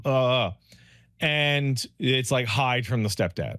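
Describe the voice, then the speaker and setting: A man's voice: medium pitch, takes it slowly, no room sound. A man co-hosting a casual podcast, telling a story with lots of swearing and acted-out bits of dialogue. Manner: animated storytelling, swearing, mock dialogue voices. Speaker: podcast co-host. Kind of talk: casual podcast chat, game recap.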